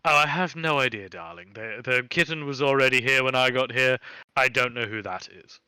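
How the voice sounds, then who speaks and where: A man's voice: medium pitch, brisk, bright, forceful tone, smooth, no room sound. A man playing a haughty, posh woman, a swamp witch, in an airy, theatrical manner. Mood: breezy. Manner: airy, theatrical and fond of endearments.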